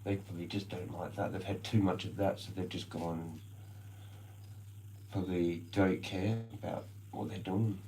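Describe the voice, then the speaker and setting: A man's voice: deep voice, fairly even intonation, normal speed, dark tone, slight background noise, low-quality recording. An Australian man ranting casually on a live stream, rambling and swearing constantly in slang.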